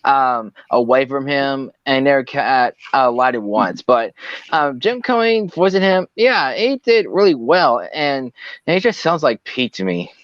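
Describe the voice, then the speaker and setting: A man's voice: mid-range voice, very animated, unhurried, fairly bright tone, dry recording. A young man co-hosting a casual podcast chat, speaking hesitantly with many ums and restarts. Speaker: co-host. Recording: dull lo-fi recording.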